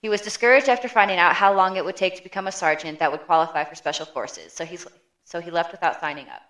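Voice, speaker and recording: Lower-voiced woman narrating a case. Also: fast talker, a bit bright. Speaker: podcast co-host. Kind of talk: reading scripted narration.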